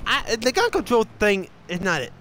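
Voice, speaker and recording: A man from Louisiana with a Louisiana accent, streaming live, excitable and swearing, and loud when he argues. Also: high voice, normal speed, a little hiss or hum. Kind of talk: casual livestream chat.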